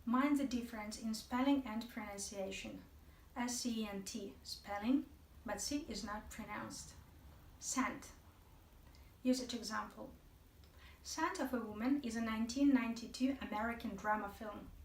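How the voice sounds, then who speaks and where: A woman's voice: on the high side, moderate pace, distant mic, slight background noise. A woman teaching an English video lesson, chatty and playful, speaking straight to her viewers. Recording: echoey room, voice from off the mic.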